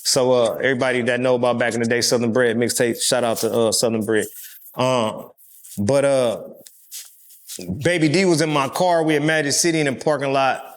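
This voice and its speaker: A man from California, telling stories as an interview guest, profane and animated, acting out other people's voices. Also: mid-range voice, a little fast. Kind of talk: casual storytelling.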